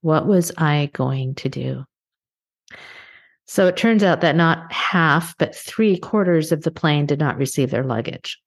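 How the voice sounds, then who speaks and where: A middle-aged woman from Canada hosting a podcast, speaking in an earnest, measured way and slowing down for emphasis. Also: low voice, a little mellow. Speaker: podcast host. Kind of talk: reflective motivational monologue.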